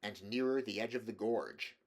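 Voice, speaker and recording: A man reading a novel aloud at a measured pace, with small slips and restarts. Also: on the low side. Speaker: audiobook reader.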